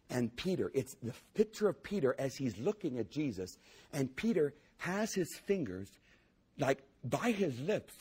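Man preaching, husky voice, mid pitch, emphatic and repetitive. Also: mellow. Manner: emphatic, repetitive, with bursts of laughter. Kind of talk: sermon.

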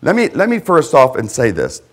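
A male pastor preaching a sermon, emphatic, with repeated phrases and swings between loud and hushed delivery. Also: mid-range voice, wildly swooping pitch, moderate pace.

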